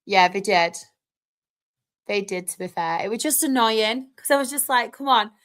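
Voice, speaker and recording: A young woman from the North of England hosts a live stream, chatting casually and reading out comments. She's excitable, laughs quickly, and has a mid-range voice.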